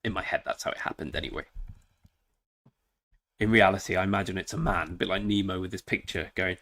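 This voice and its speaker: A man with a lowish voice, chatting loosely through a live game stream. He jokes around and talks straight to his viewers. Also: steady tone, fast, vocal fry, a bit bright. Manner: chatty, joking, talks to chat. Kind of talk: casual live-stream chat.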